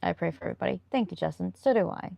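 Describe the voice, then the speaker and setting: A woman's voice: lowish voice, big pitch swings, racing, creaky, warm tone, no echo. A woman live streamer chatting casually and answering viewer comments, rambling and laughing often.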